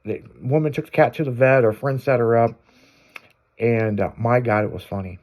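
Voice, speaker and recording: A man's voice: mid-range voice, fairly even intonation, moderate pace, a little mellow. A man hosting a radio show, telling stories in casual banter with crude language and frequent laughter.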